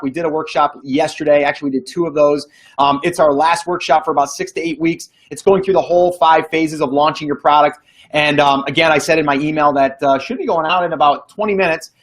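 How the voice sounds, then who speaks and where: A man hosts a casual live online show over a video call mic, chatty, full of fillers and quick to laugh. His voice is a little high and steady, and he talks fast.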